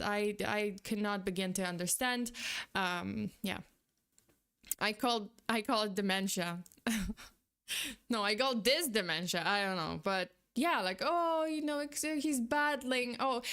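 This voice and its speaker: Rambling, exasperated young woman streamer with a high voice. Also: fairly bright tone, smooth. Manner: rambling, exasperated, swears and breaks into disbelieving outbursts. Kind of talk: casual livestream chat.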